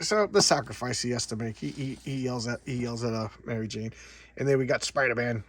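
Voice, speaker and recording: A man's voice: medium pitch, a little fast, a bit bright, husky, no room sound. A middle-aged man casually reviewing old comic books, rambling with frequent stammered repeats. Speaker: comic book collector host.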